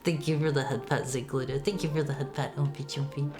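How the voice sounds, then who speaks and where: A woman's voice: rumbling low, steady tone, a little fast, over music. A woman chatting casually while streaming a retro game, stammering and repeating words, reading text aloud. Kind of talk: casual gaming stream chat.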